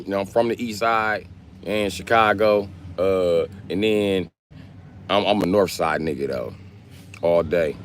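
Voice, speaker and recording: A man talks in a deep, low register. He streams live and jokes with his viewers in a brash, profane, trash-talking way. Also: animated, moderate pace, long pauses, slight background noise. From Milwaukee, Wisconsin. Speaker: livestreamer. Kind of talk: casual live-stream chat.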